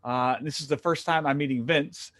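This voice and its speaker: A man from the Detroit area telling lively, stammering stories as an interview guest. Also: a little high, a little fast, dry recording, studio quality. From Detroit area, USA. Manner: animated, excited, frequent stammered restarts. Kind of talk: casual storytelling.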